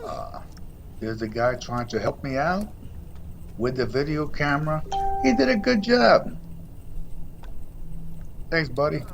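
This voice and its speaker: A man comments over his fishing video, speaking slowly in a hesitant way with frequent "uh"s. His pitch moves up and down a lot. Clear background noise runs under his voice. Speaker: angler. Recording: noisy background.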